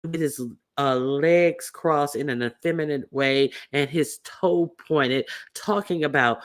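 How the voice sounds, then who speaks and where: A man hosting casual political commentary, telling stories in a rambling, animated way with lots of fillers. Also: a little high, takes it slowly, hardly any pauses.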